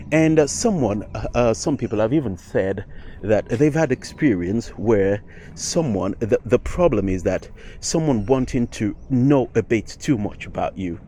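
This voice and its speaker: A man's voice: lowish voice, mellow, a little hiss or hum. A man hosting a video, talking in a rambling way with frequent fillers and false starts. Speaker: video host. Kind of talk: casual commentary.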